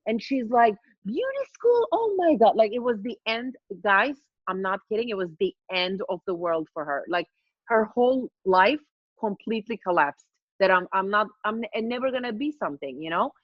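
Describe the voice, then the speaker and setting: A middle-aged woman, a podcast guest telling a personal story in a lively, laughing way, often repeating and restarting her words. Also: mid-range voice, normal speed, no room sound, muffled recording. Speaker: master trainer, podcast guest. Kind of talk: casual storytelling chat.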